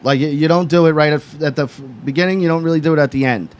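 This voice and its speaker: Casting: man with a slightly raised pitch, emphatic, swears a lot in casual chat. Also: very fast. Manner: emphatic, profane ranting. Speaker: podcast co-host.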